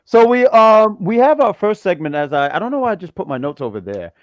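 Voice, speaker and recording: A man's voice: high-pitched, sing-song, a little fast, slight background noise. A man co-hosting a wrestling review show, joking and rambling in casual chat.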